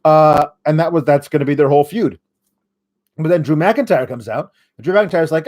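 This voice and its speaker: A man's voice: on the high side, normal speed, darkish tone. A young man hosting a podcast, giving a casual, sarcastic wrestling recap and mocking the wrestlers as he goes. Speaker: podcast host.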